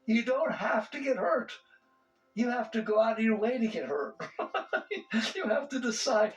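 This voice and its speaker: A man's voice: extremely high pitch, animated, unhurried, pauses often, lo-fi sound, faint music behind. A man giving a conversational spiritual talk to an audience. He asks rhetorical questions and often chuckles. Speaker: spiritual teacher.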